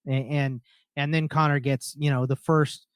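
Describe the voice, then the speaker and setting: Male podcast co-host, easygoing and wry, mid-pitched, dry recording. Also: flat delivery, clean tone, no echo. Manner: measured, agreeable, wry teasing. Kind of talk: casual fantasy football chat.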